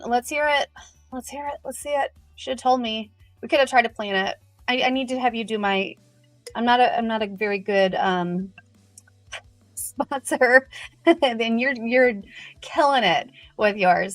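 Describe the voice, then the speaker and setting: A chatty middle-aged woman hosts a casual livestream, her voice slightly high and bright. She talks in quick, upbeat bursts with a nervous edge. The sound is dry and close, with faint music underneath. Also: no room sound. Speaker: livestream host.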